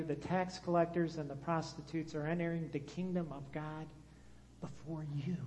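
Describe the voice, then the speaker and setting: A man preaching a sermon and drawing his congregation into call-and-response. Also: a little high. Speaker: pastor. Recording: long hall reverb.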